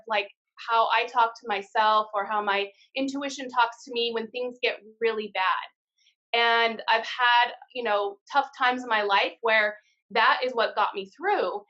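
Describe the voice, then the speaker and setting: A woman in her thirties speaks in a high, bright, forceful voice. She tells her story with blunt candor and plenty of swearing. The live-stream audio is dull and lo-fi. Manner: candid storytelling with frequent swearing. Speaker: guest, card-deck founder. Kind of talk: casual live-stream interview.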